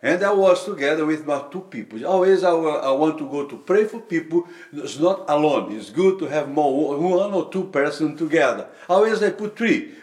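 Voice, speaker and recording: A man telling a personal testimony of street evangelism, with halting, restarting phrases that break into loud bursts of prayer. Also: on the high side. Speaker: lay preacher giving a testimony. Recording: echoey room.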